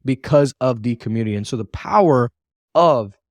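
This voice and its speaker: A man's voice: mid-range voice, lively intonation, normal speed, dry recording, clean studio sound. A man teaching a recorded sales training lesson in a coaching tone, often checking in with "all right" and "right?".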